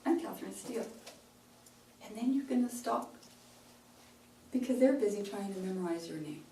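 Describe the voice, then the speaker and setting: A woman's voice: medium pitch, lively intonation, normal speed, warm tone. A woman pronunciation coach giving a workshop talk, demonstrating phrasing in short chunks. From Canada. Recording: roomy sound from a distant mic, faint hiss.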